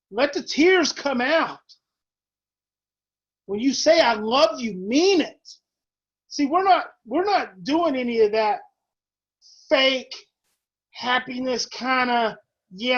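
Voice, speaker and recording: A man with a high, husky voice teaches parents in an impassioned webinar. He repeats his points with emphatic, preacher-like urgency. The sound is dull and lo-fi. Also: lively intonation, slow pace, pauses often, a bit bright. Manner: emphatic, repetitive, preacher-like urging.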